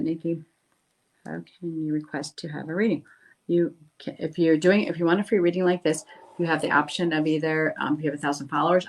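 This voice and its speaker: A woman's voice: low voice, rough recording. A middle-aged woman, a medium, chatting casually on a phone livestream, reading viewer comments aloud and reassuring them. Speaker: medium doing live readings.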